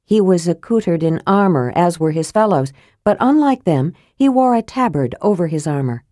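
A woman narrating a fantasy audiobook in a steady, measured reading voice, close to the mic. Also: lowish voice, no echo.

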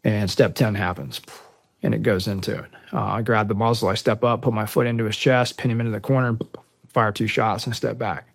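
A man telling a story as a podcast guest, animated and profane, acting out the dialogue. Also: lowish voice, a little fast, creaky, dry recording, studio quality. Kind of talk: storytelling in a conversation.

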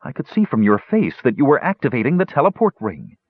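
Guy putting on a quick earnest young woman, pitched way up, urgent, dull dry recording. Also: huge pitch swings, breathy edge, dry recording. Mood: demanding.

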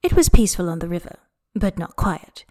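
A woman reading a story aloud as narrator, expressive and unhurried with lingering pauses. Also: lowish voice. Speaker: audiobook reader. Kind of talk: scripted narration of fan fiction.

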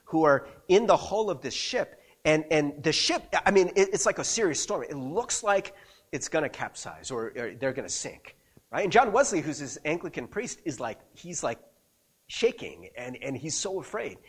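Husky, lively-voiced preacher man. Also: fairly high pitch, normal speed. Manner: conversational, frequent rhetorical "right?" and restarts. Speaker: pastor. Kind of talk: sermon.

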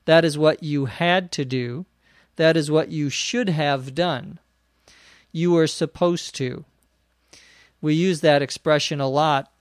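Male podcast teacher, explains expressions patiently and spells out words, very slow, dry close sound. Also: fairly high pitch, smooth, no room sound. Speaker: podcast host and English teacher. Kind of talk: language lesson explanation.

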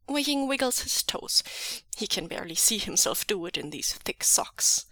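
A woman reading fan fiction aloud in a soft, measured voice that often drops to a half-whisper, close to the mic. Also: mid-range voice, expressive, dry recording. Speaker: podfic reader.

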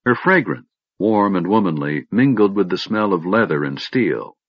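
A man's voice: deep voice, normal speed, breathy edge, dry recording. Een man met een diepe stem die expressief een fantasyverhaal voorleest, levendige toon, doffe droge opname. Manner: expressive, dramatic storytelling. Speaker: audiobook narrator. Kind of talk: scripted fantasy narration. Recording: dull lo-fi recording.

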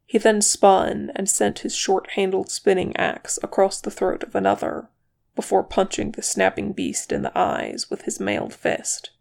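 An audiobook reader narrating fan fiction in an even, steady way. The voice sits at a middling pitch, unhurried and strongly gravelly. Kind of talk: reading fan fiction aloud.

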